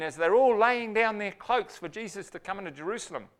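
Man, sermon, smooth resonant voice, storytelling with loud acted-out bursts. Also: high voice, a little fast, few pauses. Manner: animated storytelling, acts out quotes with sudden loud bursts. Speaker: preacher.

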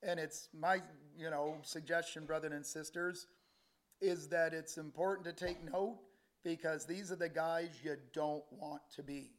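A man's voice: fairly high pitch, steady tone, a little slow. A middle-aged man preaching a conversational Bible sermon, reading scripture with animation. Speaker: lay preacher.

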